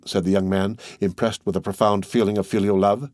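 A man with a low voice narrates a classic novel in a measured, even way. The recording is close and dry, with no room sound. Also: no room sound. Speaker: audiobook narrator.

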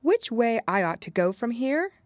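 A polite, curious storybook girl, as a woman reading aloud puts her on, earnest and a touch timid. Her lines rise well above the reader's low voice and bounce lively. The sound is close and dry. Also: normal speed, no echo.

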